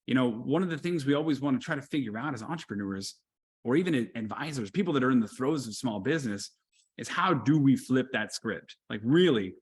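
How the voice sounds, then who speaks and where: A man's voice: mid-range voice, lively intonation, fairly quick. A man hosts a conversational interview in a mid-range voice. He is thoughtful and affirming. He often repeats a word while he shapes a question. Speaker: podcast host.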